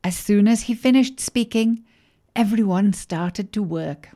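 A woman narrating a children's story in a gentle, clear and deliberate way. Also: mid-range voice.

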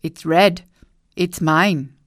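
A woman's voice: on the low side, extremely slow, no echo, clean studio sound. A woman voicing a stubborn, sulky king in a storybook reading, giving short, curt replies.

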